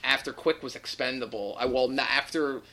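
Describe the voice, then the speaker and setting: A man with a New England accent giving his hockey opinions in a relaxed, chatty way. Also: mid-range voice, fairly quick, crowd noise, rough recording. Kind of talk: casual sports chat.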